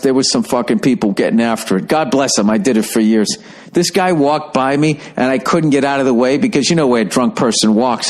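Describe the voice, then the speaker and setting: Profane rambling middle-aged man. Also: medium pitch. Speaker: podcast host. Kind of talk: casual podcast monologue.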